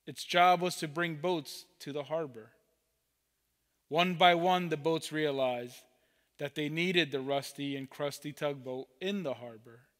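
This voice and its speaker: A man preaching, telling a parable slowly and deliberately as a pastor. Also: fairly high pitch, a bit bright, long reverb tail. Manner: slow, deliberate storytelling. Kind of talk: sermon storytelling. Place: church sanctuary.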